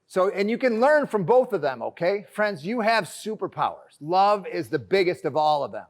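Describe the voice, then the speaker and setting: High-voiced, joking motivational speaker man. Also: normal speed. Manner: energetic and joking, addresses the crowd as friends. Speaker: keynote speaker. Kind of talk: motivational talk to a live audience. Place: conference stage.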